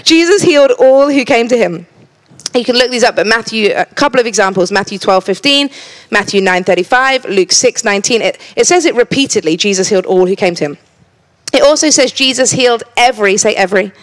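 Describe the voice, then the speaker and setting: A woman preaching to a church congregation at a middle pitch. She speaks earnestly, stumbling over and repeating her first words. Now and then she slips in playful asides to the room. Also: fast. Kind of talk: sermon.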